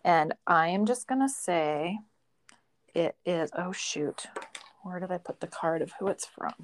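A woman's voice: lowish voice, animated, a little slow. A woman co-hosting a podcast in casual chat, chatty, trailing off mid-sentence and laughing often. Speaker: podcast co-host.

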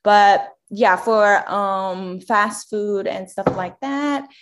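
A woman's voice: mid-range voice, extremely slow. A young woman from Macau co-hosting a podcast in a casual chat, talking loosely with lots of fillers and laughs. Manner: chatty, laughs often, many fillers. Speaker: podcast co-host.

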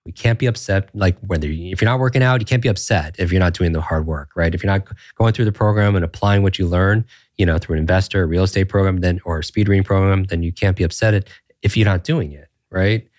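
A man guest on a podcast interview, telling personal stories in an earnest, animated way, with frequent restarts and rhetorical "right?" checks. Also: low voice, fast, no room sound, clean studio sound. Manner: animated, earnest, many restarts and tag questions. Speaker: podcast guest, brain coach. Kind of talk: conversational interview storytelling.

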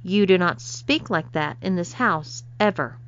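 A woman's voice: fairly low pitch, animated, measured pace. Woman voicing a stern, imperious lady of the house. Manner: imperious, cool. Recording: slightly dull lo-fi recording.

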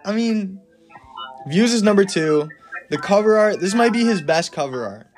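A man's voice: sits high, expressive, normal speed, over music. Opinionated young man hosting a podcast. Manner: enthusiastic, opinionated, playful. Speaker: podcast host. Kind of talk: casual solo podcast rant.

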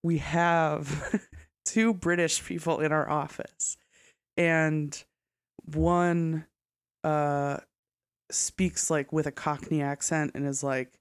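A woman in her thirties co-hosts a loose podcast chat, laughing between sentences and peppering her talk with "like" and curses. Her voice is notably low and sounds dry and close. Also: steady tone, slow pace, long pauses, smooth, no echo. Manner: laughing, sweary, filler-heavy storyteller. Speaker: podcast co-host. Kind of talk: casual chat.

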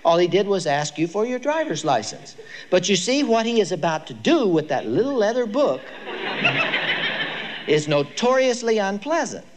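A man's voice: sits high, measured pace, noisy background. An older man giving a lecture to a live audience, telling stories with emphasis. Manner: storytelling, emphatic, lively delivery. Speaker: speaker on child discipline.

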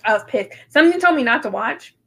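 Woman, thirties, bright tone, casual podcast chat, lots of ums, swearing. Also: a little high, lively intonation, fast, husky. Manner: chatty, swears freely, many ums. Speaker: podcast co-host.

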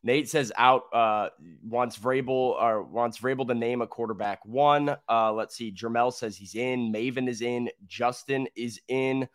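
A man co-hosting a sports talk show, reeling off chat responses one after another at a medium pitch. His delivery is quick and list-like, with casual filler between the items. The sound is dry and close. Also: fairly even intonation, dry recording.

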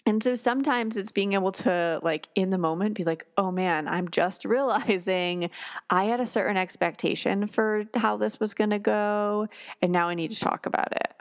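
A woman's voice: mid-range voice, normal speed, no echo, clean studio sound. A woman hosting a podcast, telling personal stories in a loose, chatty way with lots of fillers and self-corrections. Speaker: podcast host. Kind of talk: casual storytelling.

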